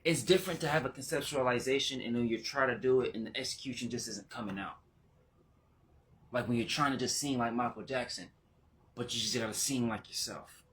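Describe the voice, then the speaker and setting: A man talking casually as a spiritual teacher. He gets excited, laughs, and jumps into high exclamations, then slows and goes quiet when he turns reflective. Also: a little hiss or hum. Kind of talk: casual spiritual vlog talk.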